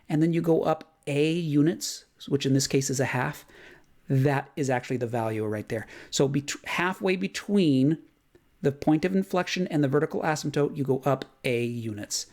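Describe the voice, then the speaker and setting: A man's voice: on the high side, lively intonation, moderate pace, a little mellow. Casual man teaching a math lesson. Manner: casual, thinks aloud with fillers and self-corrections.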